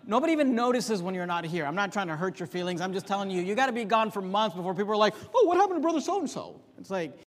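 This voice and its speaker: Pastor mid-sermon: male, high voice, emphatic swings up and down, church-hall reverb. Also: very fast, few pauses, a bit bright. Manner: emphatic, rising and dropping sharply for effect.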